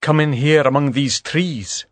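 A man's voice: a little high, unhurried, no echo, voice pushed up, natural voice. A man reading aloud and voicing a terse outlaw who talks in clipped, urgent commands.

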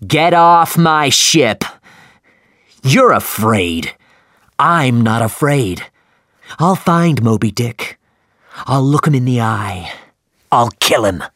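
Man doing a furious, shouting old sea captain. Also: mid-range voice, sing-song, slow, pauses often, no echo, studio quality, full character voice. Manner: shouting, fierce and commanding.

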